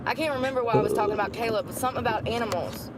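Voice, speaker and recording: A woman's voice: on the high side, very fast, over a noisy crowd. A woman chatting in a rambling, gossipy vlog outdoors near a store. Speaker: vlogger. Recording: outdoor traffic noise.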